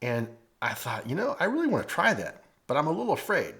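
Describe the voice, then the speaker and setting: A chatty man with a St. talks through a food review, his pitch rising and falling a lot. He sounds folksy and easygoing, and he breaks off here and there to taste something. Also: huge pitch swings, quick pace, fairly bright tone. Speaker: food vlogger. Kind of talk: casual food review vlog. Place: at home.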